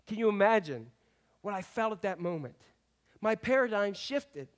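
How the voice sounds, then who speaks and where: A man's voice: high-pitched, animated, moderate pace. A middle-aged man preaching a conversational sermon as pastor, often asking the congregation questions.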